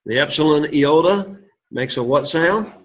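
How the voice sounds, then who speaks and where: A man teaching a Greek class runs a pronunciation drill, encouraging students and repeating words for them to echo. His voice sits on the high side, expressive and measured, captured in a dull lo-fi classroom recording.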